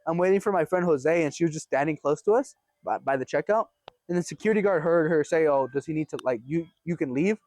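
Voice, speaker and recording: A young man casually telling a story on his vlog in an animated way, swearing often and laughing as he goes. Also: a little high, fast, no echo. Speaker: vlogger.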